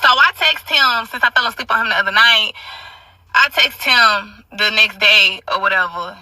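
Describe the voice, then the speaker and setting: A woman's voice: fairly high pitch, normal speed, pushed and bright, distant mic, low-quality recording. A young woman telling a story in a casual monologue, brash and profane, with constant asides to her listeners.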